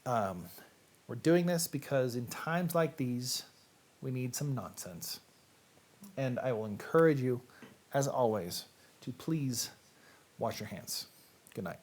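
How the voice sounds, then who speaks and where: A man's voice: medium pitch, expressive, takes it slowly, long pauses, a little mellow. Rambling Southern man, casual chat. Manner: rambling, self-deprecating, chatty. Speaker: host.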